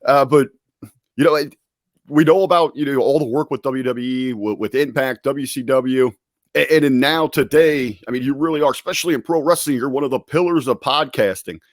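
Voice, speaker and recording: A man's voice: medium pitch, brisk, no echo, clean studio sound. A young man with a resonant radio voice, asking long, polite questions as a panel questioner.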